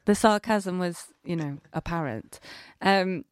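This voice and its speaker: A woman's voice: mid-range voice, expressive, no echo, studio quality. Bubbly woman co-host. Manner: bubbly, quick to laugh, sarcastic asides. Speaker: podcast co-host. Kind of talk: casual chat.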